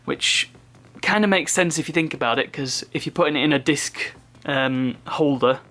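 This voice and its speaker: A man's voice: on the high side, moderate pace, bright, forceful tone. A man casually chatting through an unboxing, rambling off on asides and chuckling at his own remarks. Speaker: unboxing video host.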